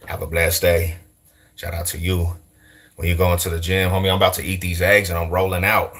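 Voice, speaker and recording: A young man from Denver, USA, with an East Side Denver accent vlogs to camera in a low, slightly fast voice. His casual street talk is slangy, loose and animated, and he laughs a lot.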